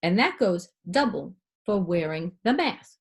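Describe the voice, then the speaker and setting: A middle-aged woman voice coach giving a clear, demonstrative lesson, shifting her pitch and loudness to show techniques. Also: big pitch swings, measured pace. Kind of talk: instructional talk to camera.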